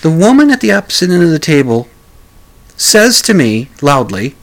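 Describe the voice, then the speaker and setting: Rambling, stammering talk radio host. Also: male voice, a little high, very animated, normal speed. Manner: rambling, stammering restarts, chuckling asides; acts out quoted lines in a raised voice. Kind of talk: talk radio storytelling monologue.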